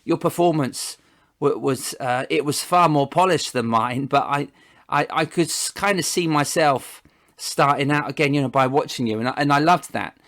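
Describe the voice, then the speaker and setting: A man's voice: on the high side, normal speed, a bit bright. A man hosting a casual interview over a video call, rambling and often restarting his words. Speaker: host.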